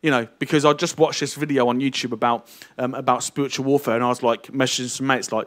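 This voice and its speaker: A middle-aged man preaching a lively, jokey sermon and teasing his congregation. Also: mid-range voice, quick pace. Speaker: pastor. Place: church hall.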